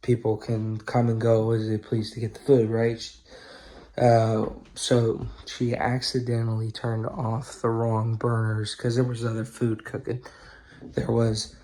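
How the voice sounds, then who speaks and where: A man's voice: mid-range voice, completely flat delivery, a little slow, mellow. A man telling a story casually to camera, swearing often and filling his talk with "you know" and "right?". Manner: profane, rambling, many fillers and tag questions. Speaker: vlogger.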